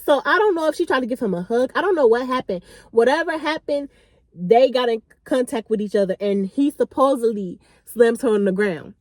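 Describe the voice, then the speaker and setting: A woman in her late twenties, a vlogger, telling a story in a chatty, animated, slangy way. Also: on the high side, fairly quick, no room sound, studio quality. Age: late 20s. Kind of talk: casual storytime.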